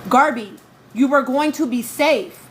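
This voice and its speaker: A high-pitched woman hosting a live reality TV recap stream, talking straight to her chat in a loose, exasperated rant. She greets viewers by name between profane complaints, and a faint hiss of ambient noise sits under her voice. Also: a little slow, fairly bright tone, rough recording. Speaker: livestream podcast host.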